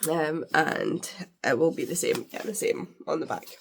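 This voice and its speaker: A woman's voice: low voice, moderate pace, vocal fry, slight background noise. A woman chatting casually while unboxing books, gushing, with lots of fillers. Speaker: book vlogger.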